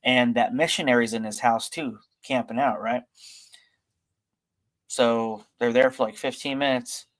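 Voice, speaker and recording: A male podcast host talks through a long story in a relaxed, meandering way. He leans on fillers and restarts as he goes, at a middling pitch. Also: measured pace. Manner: rambling, filler-heavy retelling. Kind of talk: casual storytelling.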